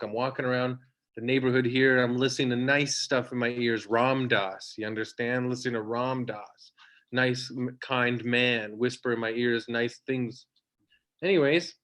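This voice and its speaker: A man in his thirties tells stand-up stories over a video call from home. His voice sits at a middling pitch. He rambles and trips over himself in a self-deprecating way. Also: a bit bright. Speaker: stand-up comedian. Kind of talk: stand-up set on a livestream.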